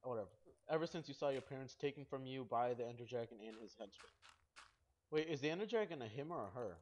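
A young man hosting a casual gaming video, goofy and excitable, rambling as he plays. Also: medium pitch, quick pace, a little hiss or hum. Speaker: host. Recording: dull lo-fi mic.

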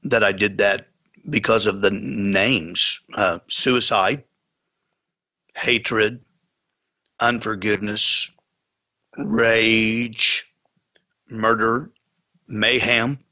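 A man's voice: fairly low pitch, fairly even intonation, extremely slow, long pauses, sharp tone. A man, a pastor, earnestly telling a story in a conversation, with folksy sayings. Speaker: pastor and guest.

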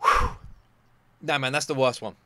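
Bright-voiced, swearing young reaction host. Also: male voice, mid-range voice, moderate pace, no room sound. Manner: loud, exasperated, swears a lot. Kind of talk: casual reaction commentary.

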